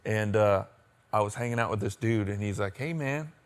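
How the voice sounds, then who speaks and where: A man's voice: on the low side, flat delivery, fairly quick, smooth. An American man in a band, telling his story in a rambling, open way during a casual interview. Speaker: band member.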